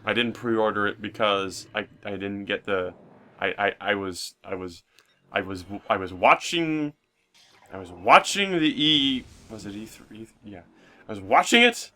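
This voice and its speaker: A man's voice: on the low side, animated, a little slow, bright, forceful tone. A young man co-hosting a video game let's play, joking around and rambling with many restarts. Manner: jokey, rambling with repeated restarts. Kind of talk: casual gameplay chat.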